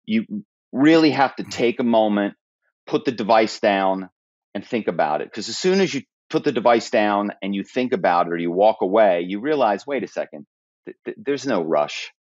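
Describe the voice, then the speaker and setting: Animated man telling spy stories. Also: lowish voice, moderate pace, no room sound, highs cut off. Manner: animated storyteller, acts out phone voices and accents. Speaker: guest, former corporate spy and author. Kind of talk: storytelling interview answers.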